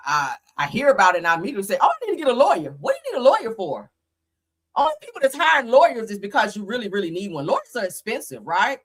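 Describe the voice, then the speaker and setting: A woman's voice: mid-range voice, sharp tone. A woman hosting a commentary channel, reacting bluntly and skeptically and swearing freely.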